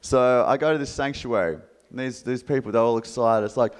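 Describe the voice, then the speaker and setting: His voice is clean and mid-range, and he talks a little fast: an Australian motivational speaker animatedly telling a jokey tale to a live audience. He acts out the voices of the people in the story, and the hall is reverberant.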